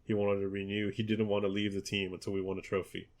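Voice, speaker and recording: A man hosting a football podcast in casual chat, relaxed and hesitant, with many ums and restarts. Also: on the low side, quick pace. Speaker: podcast host.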